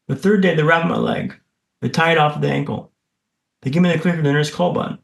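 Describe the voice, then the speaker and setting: A man's voice: on the high side, fairly even intonation, a little fast, gravelly, a bit bright, reverberant. A man guest on a podcast, telling a dramatic personal story in vivid, punchy lines with self-deprecating humour.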